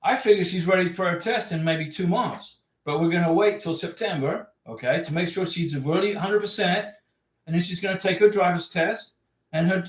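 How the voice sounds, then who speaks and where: A man hosting a livestream, reading out viewer comments and giving advice in a chatty way, repeating his points for emphasis. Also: high-pitched. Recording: echoey room.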